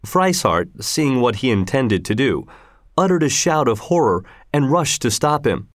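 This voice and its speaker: A man narrating a story as an audiobook, reading in a lively, expressive way. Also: medium pitch, measured pace, dry recording, studio quality.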